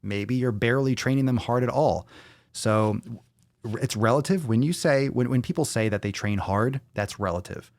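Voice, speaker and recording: A man's voice: mid-range voice, normal speed, darkish tone, dry recording, clean studio sound. A man hosting a casual livestream fitness Q&A, talking in a blunt, profane, off-the-cuff way. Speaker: fitness podcast host.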